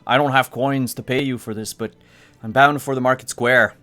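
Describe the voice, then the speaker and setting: A man's voice: medium pitch, fairly even intonation, moderate pace, sharp tone, soft background music, voice pushed up, close to an everyday voice. A man voicing a poor, deferential pumpkin merchant in a fantasy tabletop game. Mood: obliging.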